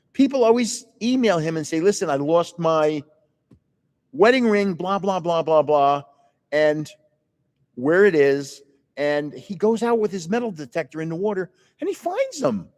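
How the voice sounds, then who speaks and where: A man's voice: a little high, a little mellow, long reverb tail. An older man hosting a casual livestream, telling rambling stories in a chatty, meandering way, indoors. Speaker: livestream host. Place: indoors, in a building with another floor.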